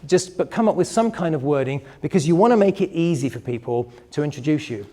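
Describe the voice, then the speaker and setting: A man's voice: fairly high pitch, animated, fast, mellow. A middle-aged man, a business coach, giving a live workshop presentation in a conversational, digressive way and speaking straight to the room.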